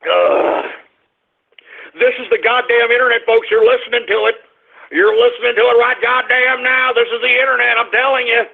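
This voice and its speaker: A man hosting an internet radio show, ranting and cursing angrily, dropping to grumbles and rising to shouts. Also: very high voice, level tone, normal speed, gravelly. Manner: angry, cursing, swings between grumbling and shouting. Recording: tinny phone-like radio stream.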